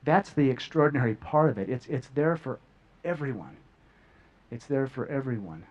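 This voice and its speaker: A man's voice: mid-range voice, lively intonation, moderate pace, darkish tone. A middle-aged man earnestly sharing a personal story as a guest, often repeating words as he goes. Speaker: guest speaker. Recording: dull lo-fi audio.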